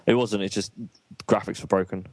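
A man's voice: low voice, fairly even intonation, fairly quick, a little mellow, no room sound. A man co-hosting a casual chat, swearing freely and telling rambling anecdotes with laughs.

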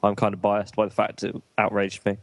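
A man's voice: fairly low pitch, completely flat delivery, fast talker, no echo. A man co-hosting a casual chat, swearing freely and telling rambling anecdotes with laughs.

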